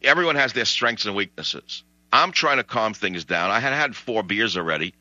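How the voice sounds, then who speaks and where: A man hosting talk radio, telling a story in animated comic outrage. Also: lowish voice, moderate pace, no room sound, lo-fi sound.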